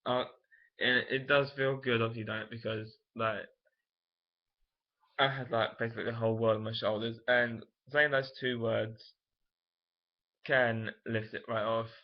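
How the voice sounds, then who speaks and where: Speaking to camera with a somewhat dull, lo-fi home-video sound, a young man in his late teens shares a personal story. He's candid and rambling, full of fillers, and keeps stopping to correct himself, his voice at an ordinary middle pitch.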